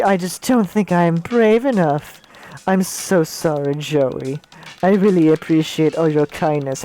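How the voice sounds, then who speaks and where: A woman's voice: sits low, warm tone. A woman streamer playing a video game, reading the dialogue aloud in a casual way with puzzled asides. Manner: reacts with confused asides between read lines. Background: game music.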